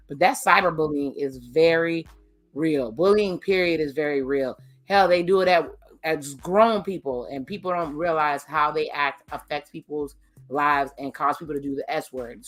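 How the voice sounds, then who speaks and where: Chatty woman with a low voice. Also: fairly bright tone. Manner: candid, chatty, blunt commentary. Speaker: TV episode reviewer. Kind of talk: casual recap with personal asides. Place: indoors, on camera.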